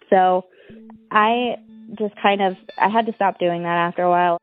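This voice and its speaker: A woman's voice: mid-range voice, moderate pace, narrow, tinny audio, soft background music. A young adult woman recounting her own story as a guest, rambling and stacking up "like" fillers. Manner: rambling, many "like" fillers, restarts. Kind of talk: personal account in an interview.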